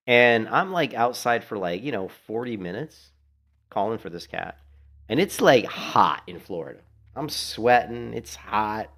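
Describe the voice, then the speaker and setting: A middle-aged man with a low, gravelly voice chats away while he streams a game from home. He is laid back and rambling, tells long stories and swears freely. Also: lively intonation, measured pace, fairly bright tone. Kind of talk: casual chat while playing. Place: home in Florida.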